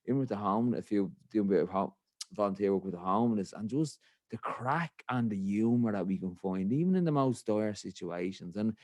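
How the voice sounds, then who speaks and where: Irish man, podcast host, low voice, dry close sound, rambling casual chat. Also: lively intonation, a little fast, darkish tone, no room sound.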